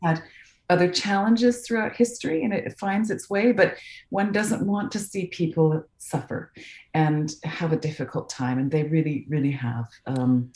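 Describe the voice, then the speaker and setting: A woman with a low voice answers interview questions from England, speaking thoughtfully and encouragingly with plenty of ums and you-knows. Her voice rings in a slightly echoey room over a video call. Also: fairly even intonation, normal speed, darkish tone. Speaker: voice actress, interview guest.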